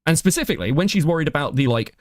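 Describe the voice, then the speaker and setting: A man talks on a call, pitch bouncing a lot as he thinks aloud. The sound is dry and close. He mutters to himself while he looks things up. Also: lively intonation, rapid-fire, no room sound. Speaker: streamer going over messages on a call. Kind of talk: casual discussion.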